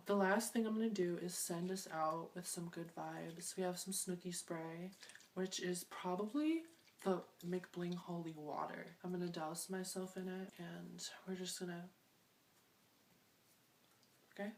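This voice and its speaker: A young woman chats to her viewers in a loose, rambling, self-mocking way, joking as she goes. Her voice sits a little low for a woman. She is picked up from some distance off the mic, with a faint hiss underneath. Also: steady tone, moderate pace, darkish tone. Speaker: beauty and fashion vlogger. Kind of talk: casual chat to camera.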